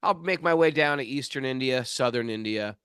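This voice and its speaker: A man's voice: mid-range voice, a little fast, a bit bright, smooth, dry recording, studio quality, pitched above the performer's own voice, close to an everyday voice. A man voicing an ambitious ancient conqueror in a retold story, in a plain storytelling tone. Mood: boastful plain. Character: ambitious male ancient conqueror, matter-of-fact.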